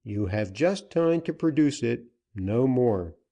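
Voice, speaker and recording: A man's voice: mid-range voice, lively intonation, gravelly, mellow. A man doing a grim, commanding western gunman. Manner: commanding, cold, deliberate. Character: grim, steely male gunman seeking vengeance.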